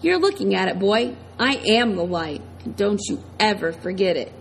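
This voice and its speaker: A woman's voice: mid-range voice, very animated, moderate pace, vocal fry, slight background noise, low-quality recording. A woman reading the lines of a controlling ex-convict man turned preacher, in a commanding drawl with a mocking edge. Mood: menacing.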